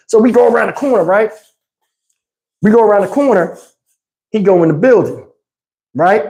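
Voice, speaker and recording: A man's voice: high voice, moderate pace, creaky, pauses often, poor audio. A man hosting a casual storytime, acting out the quotes in his story and laughing as he goes. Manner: animated, acts out quotes and laughs mid-story. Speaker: host.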